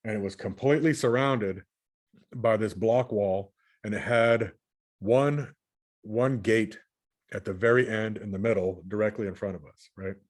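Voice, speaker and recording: A man from California with a somewhat low voice tells his dreams in loose, everyday speech. He circles back and restarts phrases often, talking as if to viewers on a shared screen stream. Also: measured pace. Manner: rambling, repeats and restarts words. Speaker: channel host recounting dreams. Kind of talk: casual spoken recounting while screen sharing.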